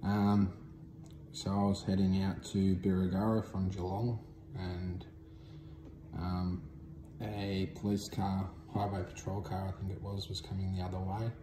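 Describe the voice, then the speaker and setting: A man's voice: sits low, completely flat delivery, unhurried, echoey room, noisy background. A man with an Australian accent casually recounting a story to the camera, laid-back and drawling, with frequent ums. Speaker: vlogger.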